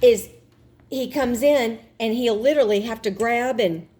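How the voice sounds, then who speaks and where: A woman's voice: on the high side, measured pace, dark tone, a little hiss or hum. A middle-aged woman, chatting frankly to her viewers in a casual vlog and venting her frustrations. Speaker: vlogger. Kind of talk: casual chat to camera.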